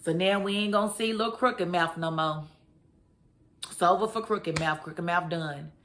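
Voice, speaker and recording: A woman's voice: lowish voice, moderate pace, a bit bright. A woman reviewing a TV drama episode in a chatty, slangy recap, talking straight to her viewers. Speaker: TV review vlogger. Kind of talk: casual recap chat.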